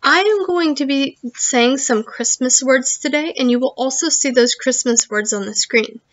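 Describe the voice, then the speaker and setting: A woman teaching a virtual music lesson to young children, giving slow, clear instructions. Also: high voice, highs cut off.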